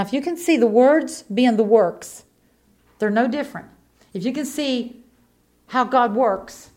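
A middle-aged woman preacher giving a sermon in a folksy, colloquial way. She repeats her key lines and moves between hushed storytelling and fervent preaching. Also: a little high.

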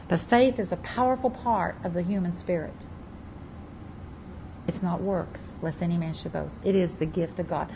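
A woman preaching a sermon, reading scripture aloud and stressing key words over and over, her loudness rising and falling. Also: on the low side, a little hiss or hum, low-quality recording. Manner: emphatic, repeats key words, varies loudness widely; reads scripture aloud in King James wording. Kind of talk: Bible teaching sermon.

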